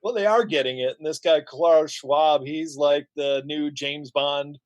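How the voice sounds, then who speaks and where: A man who is an author and publisher, a guest on a talk radio show, speaking calmly and matter-of-factly into a close microphone. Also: a little high, unhurried, no room sound, highs cut off.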